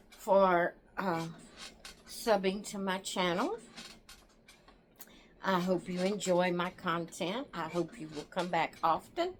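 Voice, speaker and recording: A tired woman hosting her own channel, chatting to viewers in a rambling, relaxed way and yawning now and then. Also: on the low side, slight background noise. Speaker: doll channel host. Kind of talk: casual chat to viewers.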